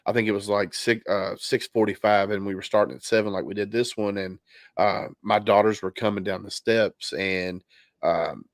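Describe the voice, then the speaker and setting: Low-voiced man hosting a podcast. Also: fairly even intonation, moderate pace, no room sound, clean studio sound. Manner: candid, talks in loose restarts and fillers. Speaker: podcast host. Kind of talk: casual podcast chat. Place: home basement.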